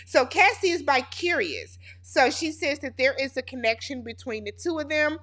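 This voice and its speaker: A woman's voice: high-pitched, expressive, moderate pace, fairly bright tone. A woman host giving a casual, sassy and blunt recap of a reality TV episode.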